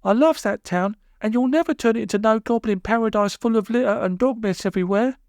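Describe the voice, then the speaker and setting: A man doing a high plucky little girl. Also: fairly quick, darkish tone, no room sound, studio quality. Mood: indignant. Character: young girl, plucky and indignant.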